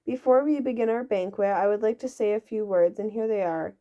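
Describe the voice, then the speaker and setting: A woman's voice: mid-range voice, fairly quick, close to an everyday voice. Woman reading as a cheerful odd old wizard headmaster. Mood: welcoming. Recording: dull lo-fi recording.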